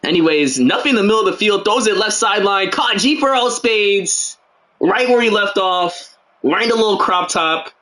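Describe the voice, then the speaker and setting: A man's voice: high voice, fairly quick, bright, forceful tone. A young man giving casual, joking play-by-play commentary on a livestreamed game, full of slangy asides and rambling.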